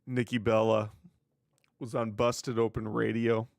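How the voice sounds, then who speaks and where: A man's voice: fairly low pitch, little pitch movement, unhurried, vocal fry, a little mellow, no echo, studio quality. A man hosting his own wrestling news show, chatting casually on his own, sarcastic and swearing freely. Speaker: wrestling news podcast host. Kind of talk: casual solo commentary.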